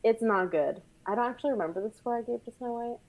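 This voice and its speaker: A young woman co-hosting a casual movie podcast, playful and animated, gasping and laughing along. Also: fairly high pitch, quick pace, rough recording. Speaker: podcast co-host.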